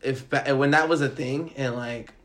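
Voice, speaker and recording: A man's voice: medium pitch, steady tone, moderate pace, fairly bright tone. Laughing young man on a podcast. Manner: laughing, loose, swears often. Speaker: podcast co-host. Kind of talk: casual chat.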